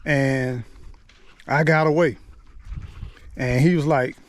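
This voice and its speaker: A man's voice: medium pitch, fairly even intonation, takes it slowly. A man telling a personal childhood story in an earnest, repetitive, informal way. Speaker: speaker sharing life lessons.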